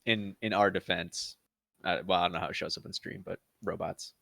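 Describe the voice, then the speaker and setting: A man's voice: low-pitched, fairly even intonation, fairly quick, vocal fry, sharp tone, dry recording. A man playing a tabletop game, tossing in wry joking asides. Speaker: player.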